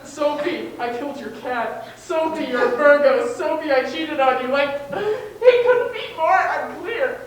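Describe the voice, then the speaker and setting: A woman's voice: high-pitched, animated, measured pace, hardly any pauses, a little hiss or hum. A woman playing a heartbroken young woman who was just dumped, whiny and self-pitying, in a live sketch. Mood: rambling. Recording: echoey stage from far off.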